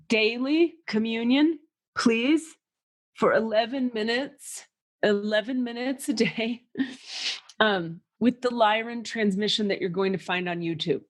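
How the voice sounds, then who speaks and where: A woman hosting a casual spiritual podcast who channels and describes energies, animated and quick to swear. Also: on the high side. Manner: animated, swears freely, acts out voices and sounds. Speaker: psychic channeler and podcast host.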